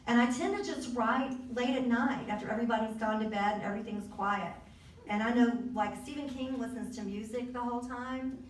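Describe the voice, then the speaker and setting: A woman's voice: fairly high pitch, steady tone, brisk, far from the mic. Woman, Southern accent, chatty, rambling, echoey room, faint room noise. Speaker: author at her book release. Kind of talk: casual speech to a party crowd. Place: arts center event room. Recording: echoey room recorded from afar.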